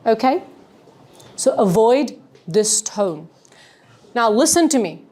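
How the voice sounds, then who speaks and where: Woman, trainer lecturing a class, high animated voice, acts out tones. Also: slow, pauses often. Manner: demonstrates rising and falling tones, asks the class questions. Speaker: communication trainer.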